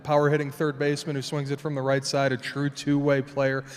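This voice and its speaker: A man emceeing a live player draft, brisk and wry, announcing picks and player details. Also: mid-range voice, monotone, clear, resonant tone. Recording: long hall reverb.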